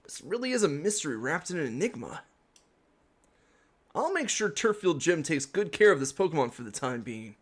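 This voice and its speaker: A streamer voicing a polite, gentle young male gym leader from a video game, speaking softly and courteously. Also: mid-range voice, pitched above the performer's own voice. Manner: soft, courteous, friendly.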